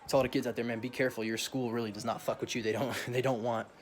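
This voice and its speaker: A man's voice: mid-range voice, level tone, very fast, slight background noise. A young man vlogging a casual, profane rant full of slang, often laughing as he talks.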